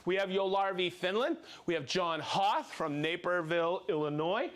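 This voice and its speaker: A man's voice: sits high, normal speed. A man from South Florida hosting a live stream, playfully reading out viewers' names and hometowns with whoops and banter. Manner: upbeat, playful, calling out names and places with whoops. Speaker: livestream host.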